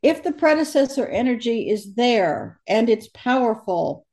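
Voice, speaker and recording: A woman with a slightly high voice tells her stories in an animated, conversational way. She brings the people she quotes to life as she talks, like a guest sharing experiences in an interview. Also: measured pace. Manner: animated storyteller, quotes others in lively voices. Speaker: guest, medium who crosses over the dead.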